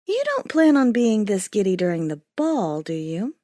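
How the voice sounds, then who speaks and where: Casting: woman voicing a playful male archangel, low teasing drawl, lively lilt. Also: normal speed, dry recording, studio quality, natural voice. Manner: playful drawl, cowboy-style when joking.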